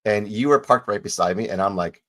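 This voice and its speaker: Deep-voiced guy hosting a chat show, stumbles and repeats words, easygoing interview. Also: fairly bright tone. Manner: halting, repeats words while telling a story. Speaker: podcast host.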